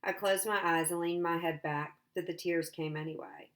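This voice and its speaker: A woman teacher reading a novel aloud in a steady, plain way. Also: on the low side, normal speed.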